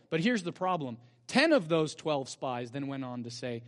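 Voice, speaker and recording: A man's voice: mid-range voice, very animated, moderate pace, few pauses. A male pastor preaching a sermon, telling the story with energy and asking the congregation rhetorical questions. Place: church sanctuary. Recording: long church-hall reverb.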